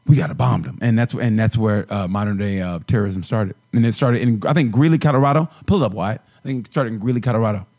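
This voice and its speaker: A man's voice: on the low side, a little mellow. A man co-hosting a comedy podcast in casual chat, telling rambling stories full of restarts and acted-out quotes. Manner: rambling storyteller who acts out voices in quotes; restarts and stammers often. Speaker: podcast co-host.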